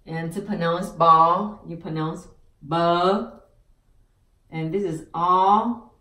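A woman teaching pronunciation, sounding out each syllable slowly and repeating words. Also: fairly low pitch, pushed and bright, echoey room, far from the mic. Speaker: language teacher. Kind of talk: slow pronunciation lesson.

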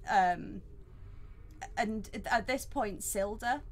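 A woman, narrating a tabletop game as dungeon master, talking in halting bursts with many fillers and restarts on a headset mic. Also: medium pitch, low-quality recording.

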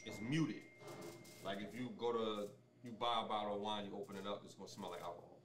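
Relaxed low-voiced man explaining wine. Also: fast talker, reverberant, distant mic. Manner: relaxed, explanatory, many ums and restarts. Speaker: sommelier guest. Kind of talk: casual interview conversation.

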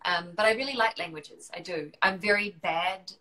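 A woman with a New Zealand accent talks over a live video call. Her voice is bright and forward, and she is chatty and self-deprecating, often trailing off mid-thought. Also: on the low side, moderate pace, poor audio. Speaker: guest actor. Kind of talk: casual chat on a live video stream. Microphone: video call on a phone or laptop.

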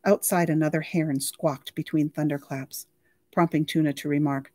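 Library reader doing a novel out loud, expressive and lively, dry close sound. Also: medium pitch, normal speed, no echo. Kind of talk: reading a novel aloud.

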